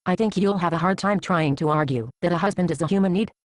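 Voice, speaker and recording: A woman's voice: fairly low pitch, quick pace, dry recording, natural voice. A woman acting as a frank churchgoing friend who counsels with blunt, dry teasing in an amateur Bible drama. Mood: matter-of-fact.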